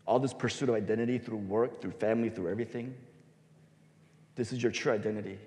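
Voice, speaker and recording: A man pastor giving a sermon, telling a story and swinging his voice between loud and soft for emphasis. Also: fairly low pitch, fairly even intonation, fast. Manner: storytelling, varies loudness for emphasis. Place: church sanctuary. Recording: long hall reverb.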